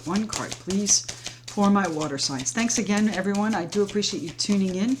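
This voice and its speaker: Background noise surrounds a woman of medium pitch who talks at normal speed. She's a tarot reader at home, sage burning nearby, offering a flowing, comforting reading aimed straight at viewers she treats as friends.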